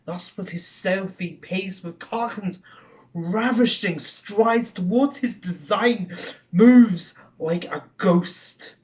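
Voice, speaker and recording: A man performing a brooding Scottish murderer-king on the edge of a killing, his Scottish accent in every line. He sinks to whispers and then rises to declaim, at a slow, weighty pace in a slightly high register. The recording sounds dull and lo-fi. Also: far from the mic. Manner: swings between hushed whispers and raised declaiming. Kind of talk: theatrical Shakespeare monologue.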